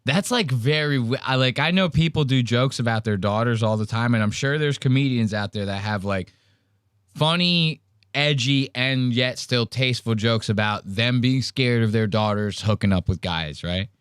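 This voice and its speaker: A man's voice: mid-range voice, moderate pace, fairly bright tone, clear, resonant tone, no echo, clean studio sound. A man hosting a podcast, reacting to clips in a casual, incredulous, rambling way, quoting the chat and mimicking people. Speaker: podcast host.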